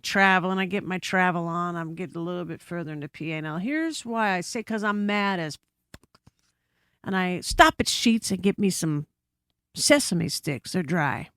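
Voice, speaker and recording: A woman's voice: lowish voice, normal speed, clean tone, no echo. Woman telling a wild story, profane. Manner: animated, profane, frequent asides. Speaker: podcast guest. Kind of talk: casual storytelling chat. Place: podcast studio.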